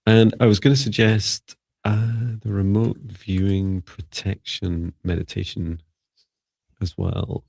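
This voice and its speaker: A man co-hosting a live-stream psychic reading, giving gentle, rambling spiritual advice with many fillers. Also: on the low side, little pitch movement, slow pace, creaky, no echo. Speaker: psychic mentor and co-host.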